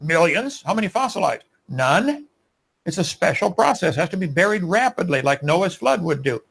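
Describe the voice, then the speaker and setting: A man's voice: high voice, sing-song, moderate pace, vocal fry, a bit bright, breathy edge. A man making emphatic, preachy arguments in a live debate.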